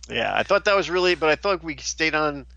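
A man's voice: on the high side, expressive, brisk, vocal fry, pushed and bright, dry recording. A middle-aged man co-hosting a podcast, chatting casually with dry joking asides. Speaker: podcast co-host. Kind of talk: casual chat. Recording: dull, lo-fi dry sound.

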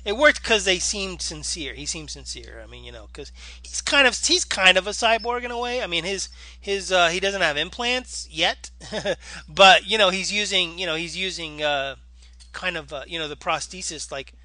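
A middle-aged man co-hosts a podcast in casual chat, tired and yawning, rambling, trailing off, and being self-deprecating. His high-pitched voice sounds pushed and bright at a normal speed.

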